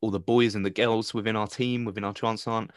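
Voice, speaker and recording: A man's voice: on the low side, little pitch movement, fairly quick, no echo, studio quality. A young British man co-hosting a podcast in casual chat. He tells his stories with jokes and puts on voices when he quotes people. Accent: British English. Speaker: podcast co-host.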